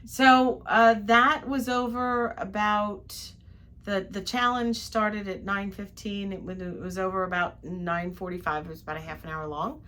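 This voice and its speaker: A woman's voice: medium pitch, steady tone, measured pace, fairly bright tone. An older woman co-hosting a travel vlog, chatting in detail about her day from a ship cabin. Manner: chatty, detailed storytelling with frequent laughs. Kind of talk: casual recap chat.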